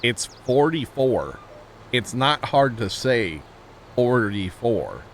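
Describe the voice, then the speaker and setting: A man's voice: medium pitch, very animated, takes it slowly, fairly bright tone, a little hiss or hum. A man from Missouri with a St. Louis accent, chatting casually with stream viewers while playing a game, rambling and laughing easily. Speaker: livestream gamer.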